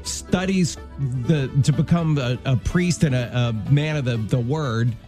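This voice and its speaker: A man's voice: mid-range voice, expressive, unhurried, mellow, faint music behind. A man co-hosting a Christian morning radio show, telling stories in a loose, jokey, chatty way from a studio mic. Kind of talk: casual morning show banter. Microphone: studio microphone.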